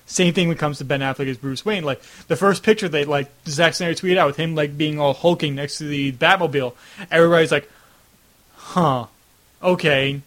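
Young male host, light higher voice, rambling, filler-heavy, acts out reactions, video call. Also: steady tone, fast, a bit bright. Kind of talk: casual video-call chat.

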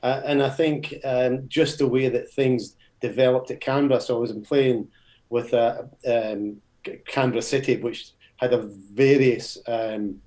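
An older man from Scotland, a football coach interviewed as a guest, talking in a modest, relaxed and reflective way. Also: mid-range voice, measured pace. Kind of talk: casual interview chat.

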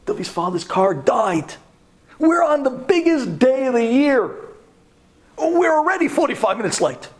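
A man voicing a frantic teenage boy who shouts and pleads urgently. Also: very high-pitched, big pitch swings, a little slow, voice pushed up, full character voice. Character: frantic teenage boy begging his dad.

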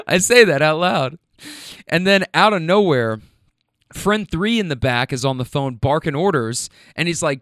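A man spins a long, animated story about passengers from his rideshare job, laughing often and slipping into their voices as he quotes them. His voice is a touch higher than most men's and comes through smooth and clear. The sound is dry and close, with no room around it. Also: unhurried, no room sound. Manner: animated, laughs often, acts out other people's lines. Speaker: podcast host telling a rideshare story. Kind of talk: casual storytelling monologue.

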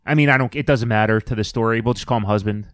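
A man's voice: on the low side, fast talker, no room sound. A man co-hosting a casual podcast, steadily recapping a movie's plot. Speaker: podcast co-host. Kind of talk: casual chat, recapping a film.

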